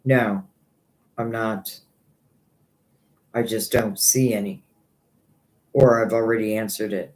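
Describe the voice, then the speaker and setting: A man's voice: on the low side, steady tone, slow, pauses often, a little mellow. A man giving psychic tarot readings on a live stream, rambling and thinking aloud, earnest and a little hurt by critics.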